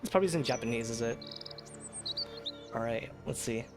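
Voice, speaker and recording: A man's voice: mid-range voice, animated, normal speed, music in the background. A man streaming late at night, chatting casually in a rambling, self-deprecating way with lots of fillers and restarts. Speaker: VTuber streamer. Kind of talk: casual live-stream chat.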